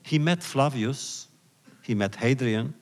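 A man giving a public lecture, retelling old rabbinic stories in a slow, deliberate, reflective way. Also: mid-range voice. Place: lecture hall. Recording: long hall reverb.

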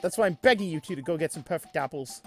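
A man's voice: fairly high pitch, animated, racing, fairly bright tone, faint music behind. A man voicing a prim, fussy male bird steward in a put-on British accent, reading game dialogue aloud.

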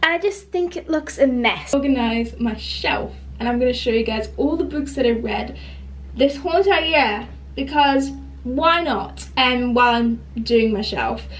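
A woman's voice: on the high side, animated, measured pace, a little hiss or hum. A woman chatting in a bubbly, rambling way as a book vlogger. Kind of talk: chatty vlog.

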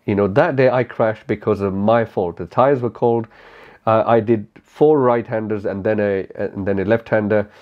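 A man's voice: lowish voice, fairly even intonation, normal speed, dull audio. A man, a motorcycle YouTuber answering viewer questions frankly in a rambling, casual way full of fillers and restarts. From India. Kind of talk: casual Q&A talk to camera.

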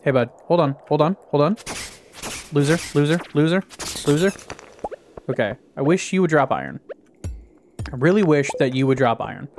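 A man giving casual let's-play commentary, excitable, talking back to the game and swearing often. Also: fairly high pitch, unhurried, pauses often, a little hiss or hum. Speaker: gaming YouTuber.

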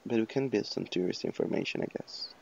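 A man rambling through casual game commentary, swearing and joking at himself, his voice hoarse. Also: lowish voice, fast, darkish tone, highs cut off, slight background noise. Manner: rambling, profane, self-mocking. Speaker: let's play host.

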